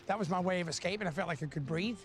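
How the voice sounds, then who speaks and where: A man telling blunt, animated stories about his childhood, swearing freely. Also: high-pitched, very fast, faint music behind. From Australia. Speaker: interviewee. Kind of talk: casual storytelling.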